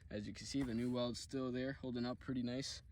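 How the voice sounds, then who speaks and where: A man's voice: medium pitch, fairly even intonation, brisk, darkish tone, a little hiss or hum, low-quality recording. Winded man chatting outdoors after riding. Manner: loose and chatty, full of fillers and repeats. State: out of breath, tired. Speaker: vlogger reviewing his ATV. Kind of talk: casual outdoor review vlog.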